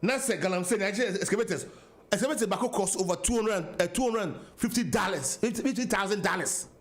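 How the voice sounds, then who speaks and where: Brisk and high-sitting, this male voice belongs to a political talk radio host with a Ghanaian accent. He alternates between Twi and English, impassioned and repeating himself.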